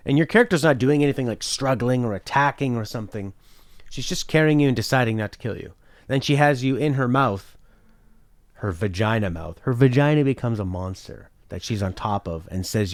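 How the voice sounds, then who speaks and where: A man's voice: medium pitch, animated, moderate pace, no echo. A man casually commenting on a game as its reviewer, rambling and wry as he thinks aloud.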